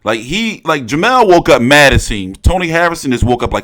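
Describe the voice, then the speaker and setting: A young man talking through a boxing press conference in loose, profane chat, his pitch sitting a little high and swinging widely. He gets carried away and breaks into loud, excited outbursts. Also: fairly quick. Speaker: boxing commentator. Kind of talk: casual reaction commentary.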